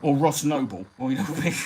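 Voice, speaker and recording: A man hosting a live stream, talking in a rambling, sweary, animated way. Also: a little high, a little fast, slight background noise, poor audio. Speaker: comedian and live-stream host. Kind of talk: casual live-stream chat.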